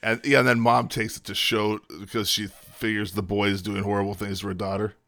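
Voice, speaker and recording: A man's voice: fairly low pitch, flat delivery, brisk, vocal fry, sharp tone. A man co-hosting a casual movie review chat, making dry, wry asides.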